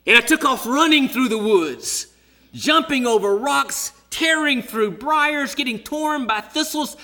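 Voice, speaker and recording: A man in his sixties preaching a sermon as a story, dramatic, dropping to hushed whispers and rising to shouts. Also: very high voice, expressive, measured pace. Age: 60s.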